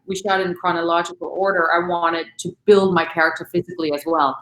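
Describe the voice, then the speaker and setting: A woman's voice: lowish voice, flat delivery, brisk, a bit bright, reverberant, a little hiss or hum, poor audio. A woman, an actress and recording artist, chatting casually as an interview guest, laughing often and talking with many fillers.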